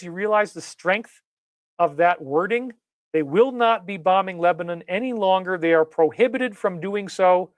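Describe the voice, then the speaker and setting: A man giving animated live-stream commentary, emphatic and full of rhetorical questions. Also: on the high side, no room sound. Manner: emphatic, repeats key words, rhetorical questions.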